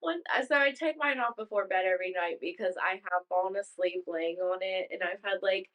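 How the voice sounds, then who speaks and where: A woman's voice: mid-range voice, brisk, fairly bright tone, rough recording. A woman co-hosting a casual chat podcast, chatty and laughing often through her stories. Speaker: podcast co-host.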